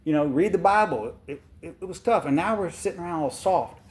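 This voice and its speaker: A man's voice: a little high, expressive, fairly quick. Fired-up man ranting. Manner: fired-up, ranting, blunt and folksy. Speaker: podcast host reading a book aloud. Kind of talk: casual commentary mixed with reading aloud.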